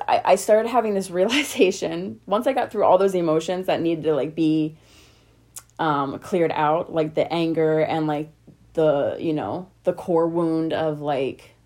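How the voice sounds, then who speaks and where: A woman's voice: sits low, fairly even intonation, moderate pace, a little mellow. A young woman talking to her viewers in a personal vlog, rambling and heartfelt, full of likes and okays, close to tears. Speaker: vlogger. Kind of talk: emotional personal vlog talk.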